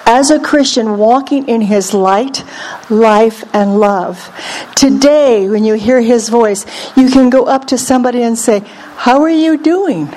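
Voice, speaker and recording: A woman's voice: on the high side, unhurried, mellow, low-quality recording. Earnest woman teaching a Bible group. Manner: earnest, repeats phrases for emphasis. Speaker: preacher.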